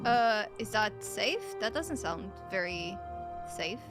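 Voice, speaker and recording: A woman's voice: mid-range voice, animated, slow, music in the background. A woman playing her character in a tabletop game, answering in an evasive, offhand way. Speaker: player. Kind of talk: in-character tabletop role-play.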